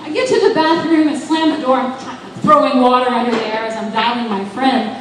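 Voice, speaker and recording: A woman's voice: fairly high pitch, steady tone, brisk. A young woman doing a stand-up comedy set, telling self-deprecating stories and chatting with the crowd. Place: bar open mic stage. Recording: echoey room, distant mic, background noise.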